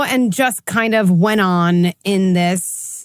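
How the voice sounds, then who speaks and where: A woman's voice: on the low side, measured pace, hardly any pauses, dry recording, studio quality. Candid woman psychologist on a podcast. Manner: candid, animated when quoting others. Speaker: psychologist guest. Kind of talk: interview answers.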